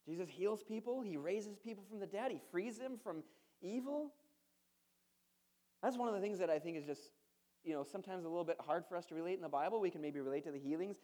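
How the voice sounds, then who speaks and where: A man's voice: high voice, darkish tone. A male pastor giving a sermon in a conversational style, asking the congregation rhetorical questions and adding playful asides.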